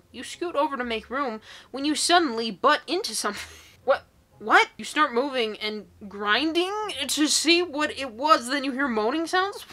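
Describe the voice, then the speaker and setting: A woman's voice: on the high side, sharp tone. A woman in her twenties, a YouTuber reading social media posts aloud and reacting to them with sarcasm and incredulous outbursts. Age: 20s.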